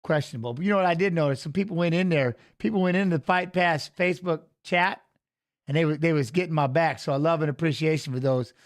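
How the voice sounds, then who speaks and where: High-voiced chatty male stream host. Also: quick pace. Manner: chatty, greets viewers by name, peppers talk with "you know what I'm saying". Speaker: livestream host. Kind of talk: casual live-stream chat.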